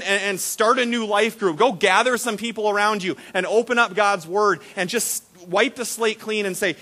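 A man preaching a sermon as a pastor, animated and repetitive when excited, acting out the voices in his stories. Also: high voice. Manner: animated storytelling, acts out quoted voices; repeats words and restarts when excited.

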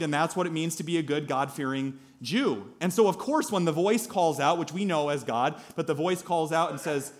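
A pastor preaching a sermon at a church service, telling a story in a lively way with asides to the congregation. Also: male voice, fairly high pitch, brisk, hardly any pauses.

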